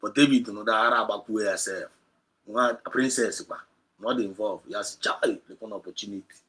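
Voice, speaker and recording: A man with a Nigerian accent preaching a sermon, switching between Igbo and English and building to loud, emphatic peaks. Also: fairly low pitch, brisk. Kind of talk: sermon retelling a Bible story.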